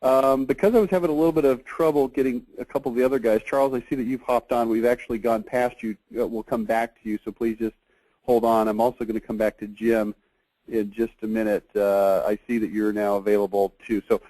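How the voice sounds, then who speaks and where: A man hosting a casual conference call, chatty and halting, with many fillers. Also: medium pitch, flat delivery, warm tone, poor audio. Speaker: host of a marketing review call.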